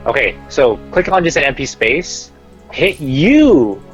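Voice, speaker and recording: A man's voice: medium pitch, very animated, measured pace, faint music behind, poor audio. A man in casual gaming chat, walking a friend through a game in an instructive, teasing way. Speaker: gamer guiding a friend.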